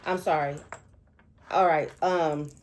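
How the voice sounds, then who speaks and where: A middle-aged woman with a slightly low voice shares a spiritual dream in a heartfelt monologue. She repeats herself for emphasis and keeps pausing to ask her listeners "okay?". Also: fairly even intonation, a little mellow, slight background noise. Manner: emotional, repetitive, keeps checking in with "okay?". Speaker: spiritual seer.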